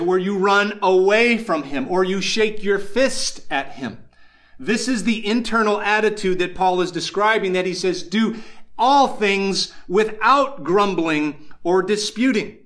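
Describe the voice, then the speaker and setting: High-voiced male pastor preaching. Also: a bit bright. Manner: earnest preaching with emphatic slowed phrases. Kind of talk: sermon.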